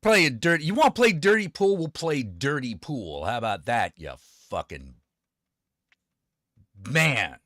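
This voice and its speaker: Man, podcast host, sarcastic, profane jokes, lively pitch, dry close sound. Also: unhurried, no room sound. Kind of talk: casual podcast banter.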